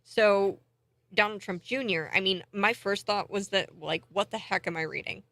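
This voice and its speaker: A woman's voice: medium pitch, moderate pace, no echo. A woman hosting a morning talk show, giving chatty, indignant political commentary. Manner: chatty and indignant, thinks out loud.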